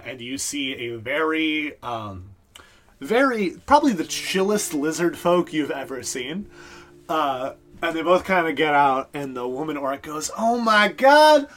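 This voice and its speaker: A man's voice: a little high, a bit bright. Male game master, casual and rambling narration, plenty of filler words. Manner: loose and rambling, full of fillers.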